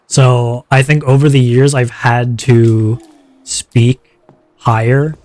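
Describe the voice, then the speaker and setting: A man streaming a game, rambling in a relaxed, self-conscious way with a slightly sore throat. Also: medium pitch, no echo. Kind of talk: casual gameplay chat.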